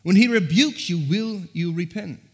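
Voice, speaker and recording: Earnest preacher in a reverberant church. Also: male voice, high voice, normal speed. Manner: earnest, presses listeners with rhetorical questions. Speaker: pastor. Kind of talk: sermon. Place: church sanctuary. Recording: long reverb of a large church hall.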